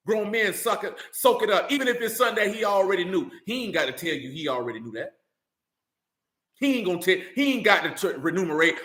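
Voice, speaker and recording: Man, preacher, bright voice, emphatic rhetorical sermon, roomy echo. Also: high voice, expressive, brisk. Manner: preachy, repeats "man" and "you understand", rising to emphatic. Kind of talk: sermon with scripture reading.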